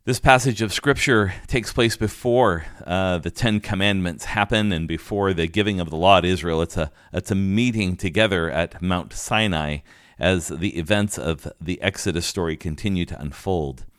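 Male pastor, deep low voice, explanatory sermon delivery, dry close sound. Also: normal speed, fairly bright tone, no echo. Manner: teaching, explanatory, with restarts and fillers.

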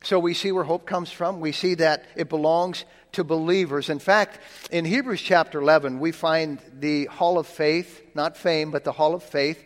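A man's voice: on the high side, steady tone. Folksy preacher man in a reverberant hall. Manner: folksy, repeats words, slow scripture reading. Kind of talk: sermon.

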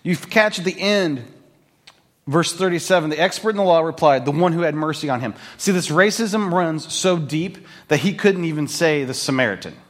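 A man's voice: on the high side, moderate pace, a bit bright. A middle-aged man preaching a conversational sermon, telling the story and acting out the people in it. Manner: conversational, storytelling, acts out quoted voices. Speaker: pastor.

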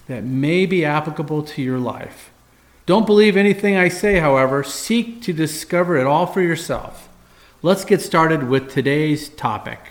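Middle-aged male host, mid-range voice, earnest and measured as he tells a story. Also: mid-range voice. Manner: earnest, measured, with frequent uhs and restarts. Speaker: physician and podcast host. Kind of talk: personal storytelling monologue.

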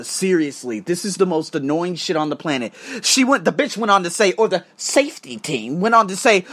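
A man's voice: high voice, animated, fairly quick, hardly any pauses, fairly bright tone. A man who works as an online course instructor and coach, ranting in a heated, profane, casual monologue. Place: Thailand.

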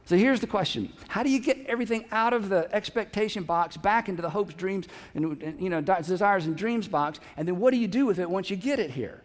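A man's voice: high voice, a little fast, few pauses. A male pastor preaching a sermon in a church, conversational and joking with the congregation. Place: church sanctuary. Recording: long hall reverb.

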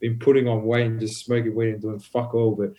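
A podcast guest tells a long story in casual conversation, swearing heavily and rambling animatedly with many fillers. His voice is on the low side and his pace is brisk.

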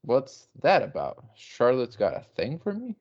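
A man voicing a blunt, gruff grown man muttering to himself. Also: mid-range voice, huge pitch swings, a little slow, darkish tone, pitched above the performer's own voice. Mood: puzzled. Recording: dull lo-fi recording.

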